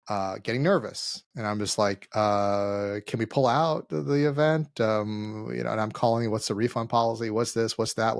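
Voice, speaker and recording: A man co-hosting a casual business podcast, telling stories and acting out quoted dialogue with lively energy. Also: lowish voice, vocal fry, no room sound, clean studio sound. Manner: animated storyteller, acts out quoted dialogue. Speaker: podcast co-host, CEO.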